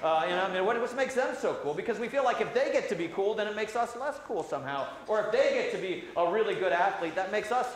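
Priest, man, high voice, talking to kids in a very echoey church with faint hiss. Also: animated, quick pace, hardly any pauses. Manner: gentle, conversational, frequent "uh" fillers. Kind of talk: children's sermon. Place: large church sanctuary.

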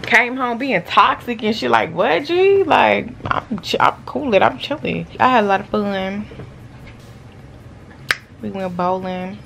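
A young woman in her twenties vlogs from behind the wheel, talking to a phone held close. Her talk is blunt and full of swearing and teasing. Road and engine noise runs clearly under her voice. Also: medium pitch, expressive, measured pace, fairly bright tone. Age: 20s. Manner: blunt, profane, playful trash talk. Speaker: vlogger. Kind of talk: casual vlog chat. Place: in a car.

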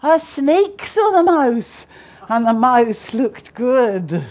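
A woman children's author giving an animated, sing-song storybook reading on a festival stage. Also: a little high, very slow.

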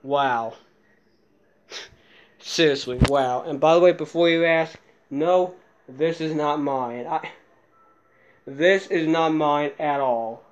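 A man filming a casual handheld vlog, jittery and muttering to himself, swearing often, sometimes dropping into soft baby talk to a cat. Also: fairly high pitch, slow pace, pauses often, muffled recording, slight background noise. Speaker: vlogger.

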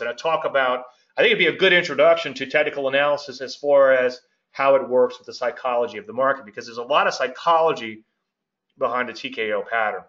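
Casting: middle-aged male host, outgoing, talks loosely and meanders, bright forceful tone, dull lo-fi recording. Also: medium pitch. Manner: gregarious, rambling, self-interrupting. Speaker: market analyst and show host. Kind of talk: casual trading commentary. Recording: dull lo-fi audio.

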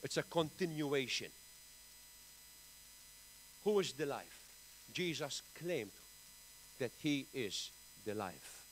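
A man with a Maltese accent preaching a sermon in church, emphatic, with big swings in pitch and loudness. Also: very animated, slow pace, pauses often, slight background noise, rough recording. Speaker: pastor.

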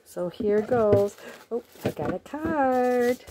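A crafting vlogger chats casually to her viewers while unboxing a parcel, gushing, gasping often with delight and calling things cute. Her voice is on the high side with lively intonation, she takes it slowly, and the background is noisy.

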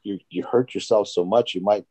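A man's voice: fairly low pitch, fairly even intonation, brisk, dark tone, breathy edge, no echo. A man in a casual church discussion, earnestly telling stories and acting out conversations he has had. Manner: earnest, storytelling, acts out conversations. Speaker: Bible study participant.

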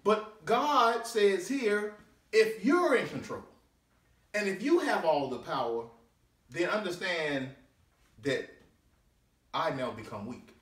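A man, a deacon, preaching a sermon with drawn-out scripture readings and swooping pitch. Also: very animated, fairly bright tone. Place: church sanctuary. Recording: echoey church room, mic at a distance.

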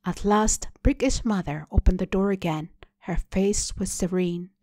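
A woman hosting a storytelling show, reading a translated short story aloud in a measured, deliberate way. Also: medium pitch, darkish tone, no echo. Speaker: story reader. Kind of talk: literary reading.

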